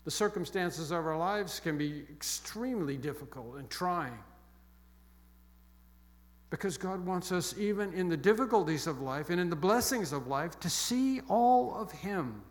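A man preaching a sermon with emphatic, repeated phrases that fall soft and quiet toward the close. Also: sits high, lively intonation, a little slow. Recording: long echo of a large hall.

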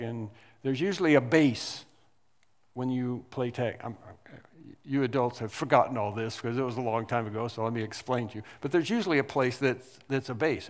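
A male pastor delivering a sermon in a church sanctuary, his speech slow and measured. He hammers home single words with sudden emphasis, and a long hall reverb trails each phrase. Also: medium pitch. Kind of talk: expository sermon.

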